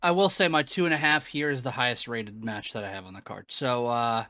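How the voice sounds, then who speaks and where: A man co-hosting a podcast, excitable and joking, yelling and swearing for laughs. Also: mid-range voice, brisk, no room sound, studio quality. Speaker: podcast co-host. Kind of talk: casual chat.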